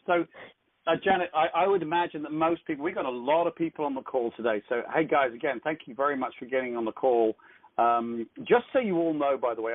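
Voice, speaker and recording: Upbeat man on a tinny phone line. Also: medium pitch. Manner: upbeat, joking coaching talk. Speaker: conference call host. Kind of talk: business training call.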